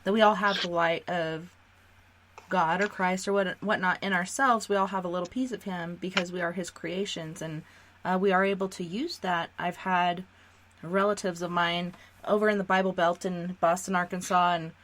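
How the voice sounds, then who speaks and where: A woman's voice: lowish voice, fairly even intonation, normal speed, a bit bright, slight background noise. A woman hosting a radio talk show, sharing her beliefs earnestly in casual conversation. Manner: earnest, talks through beliefs. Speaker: radio host.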